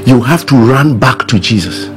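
A man's voice: medium pitch, expressive, moderate pace, music in the background. A man preaching fervently, repeating lines for the listeners to echo. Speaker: pastor. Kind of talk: sermon with prayer.

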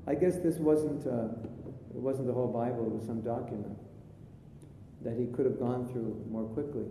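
A man as spiritual teacher giving a chatty sermon with jokes, in a live recording from an echoey hall with a faint rumble. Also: fairly even intonation, moderate pace, mellow. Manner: chatty storytelling, jokey asides.

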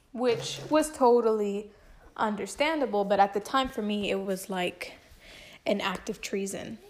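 A young woman casually telling a personal story at home, chatty and emotive, full of filler words. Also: mid-range voice.

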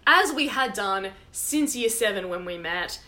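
Bright, animated young woman. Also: mid-range voice. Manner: animated storyteller, quick asides and laughter. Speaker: podcast co-host. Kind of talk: casual chat.

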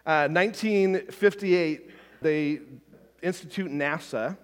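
A man's voice: on the high side, slow, big-room sound. A man preaching a sermon as a pastor, talking conversationally with frequent asides and restarts.

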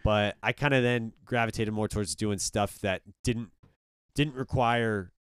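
Laid-back low-voiced Southern California man. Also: fairly even intonation, a little slow, smooth, no echo, studio quality. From Orange County, California. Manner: laid-back, rambling, full of "kinda", "like" and "dude". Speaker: podcast guest, comedy show organizer. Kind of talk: casual chat.

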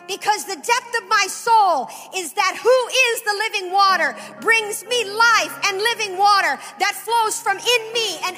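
High-voiced woman preaching an impassioned sermon. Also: sharp tone, in a large hall. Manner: impassioned, builds to fervent exhortation. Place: church hall.

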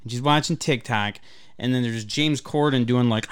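Animated, swearing male podcast host. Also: medium pitch, normal speed, smooth. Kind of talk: casual profane chat.

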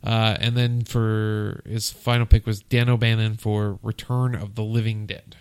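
Smooth-voiced man talking films. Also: on the low side, level tone, unhurried, a little mellow, no echo. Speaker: podcast co-host. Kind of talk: casual chat about films.

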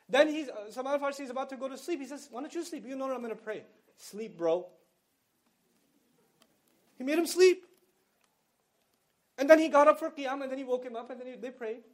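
A man giving an Islamic lecture to college students, conversational and explaining terms in plain everyday words, with emphatic storytelling. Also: extremely high pitch.

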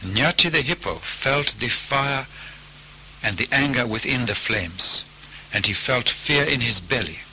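A man telling a folk tale as storybook narration, in a measured way. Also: mid-range voice, lively intonation, pushed and bright, slight background noise, low-quality recording.

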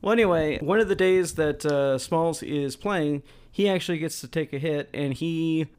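A man's voice: on the high side, normal speed, a little mellow, clean tone. A man co-hosting a podcast, recapping a movie in loose, rambling casual chat, swearing and correcting his co-host.

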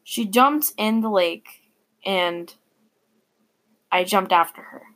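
A woman's voice: medium pitch, fairly bright tone. Woman plainly reading her own story. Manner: plain, unhurried reading with small stumbles. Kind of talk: reading a personal story aloud.

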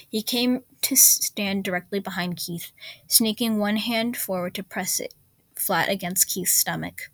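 A woman reading a story aloud in steady narration, with occasional slips. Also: mid-range voice, no room sound. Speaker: story reader. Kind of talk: reading fan fiction aloud.

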